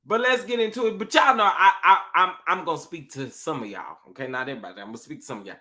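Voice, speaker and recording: A young man with a drawl, a little tipsy from a cocktail, hosting a casual live stream. He sounds bright and forceful, sitting a touch high for a man, and he talks sassily, repeating his phrases over and over. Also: fast talker. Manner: sassy, drawling, repeats phrases, shouts out chat members. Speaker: livestream host.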